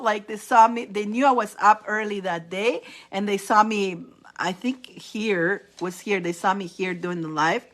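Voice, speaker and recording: Woman reader w/ a chatting on a live stream, animated, laughs a lot. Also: medium pitch, normal speed. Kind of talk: casual live-stream chat.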